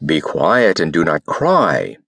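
A man voicing a slow, solemn talking frog. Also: rumbling low, huge pitch swings, gravelly, fairly bright tone, no echo, clean studio sound, voice pushed down, heavily acted. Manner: slow, deliberate, archaic speech. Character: frog, male, slow and solemn, old-fashioned speech.

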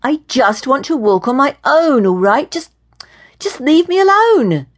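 A woman voicing a sharp, fed-up young woman. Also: a little high, expressive, very slow, pitched above the performer's own voice, heavily acted. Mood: irritated, fed up. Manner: sharp, exasperated. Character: irritated young woman fending off a stranger.

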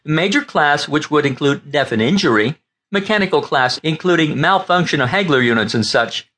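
A man's voice: a little high, expressive, moderate pace, fairly bright tone, voice pushed up. A man voicing an eager young station attendant in an audiobook, stubborn and insistent about the rules.

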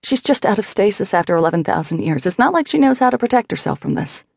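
A woman's voice: mid-range voice, sing-song, quick pace, vocal fry, slightly rough, no echo, studio quality, voice pushed up, exaggerated voice. A woman voicing a fiery young rebel woman. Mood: urgent.

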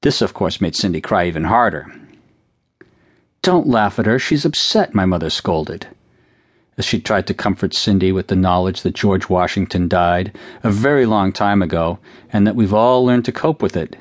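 A man's voice: deep voice, moderate pace, no echo. A man, the author himself, narrating a childhood memory as an audiobook with dry, wry storytelling. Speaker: author narrating his own book.

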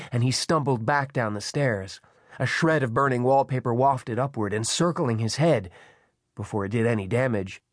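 A male narrator with a mid-pitched voice reads a thriller audiobook tensely and dramatically, holding a steady, gripping pull through the action. It's scripted narration on a close studio mic, dry and with no room sound around him.

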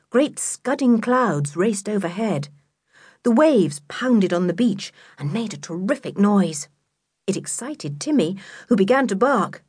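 A woman narrating a children's book in an expressive, measured storytelling voice, close to a studio mic. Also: mid-range voice, slightly rough, dry recording. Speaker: audiobook narrator.

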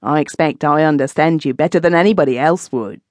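A woman voicing a scheming middle-aged housekeeper in an audiobook, dry and quietly menacing. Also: low-pitched, fairly quick, dry recording, natural voice. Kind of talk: audiobook reading.

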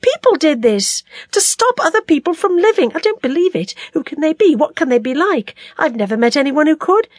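A woman's voice: high voice, sing-song, a little fast, hardly any pauses, no echo, studio quality, voice pushed up. A woman voicing a fierce, tearful young woman in an audiobook, cursing and incredulous.

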